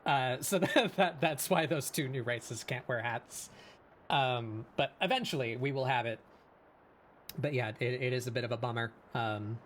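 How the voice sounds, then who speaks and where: A man hosting an art stream, rambling through slow, casual explanations with lots of fillers. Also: medium pitch, a bit bright, a little hiss or hum. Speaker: stream host. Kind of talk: casual chat.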